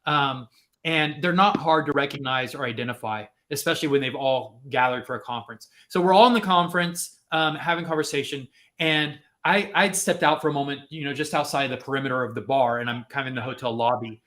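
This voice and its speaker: Bright, animated man telling a story. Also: mid-range voice, a little fast. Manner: animated, acts out quotes with lots of fillers. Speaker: podcast host. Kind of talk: casual storytelling.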